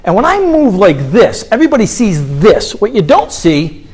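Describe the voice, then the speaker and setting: A man's voice: high-pitched, normal speed, husky. A middle-aged man giving a live motivational talk with a guided meditation, questioning the audience as he goes. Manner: animated, engages audience with questions. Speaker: motivational speaker. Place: conference hall.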